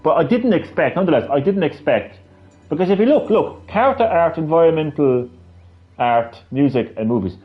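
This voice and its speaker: A man's voice: a little high, expressive, a little fast, dull audio. A man live-streaming a video game, with rambling, profane, ranting commentary.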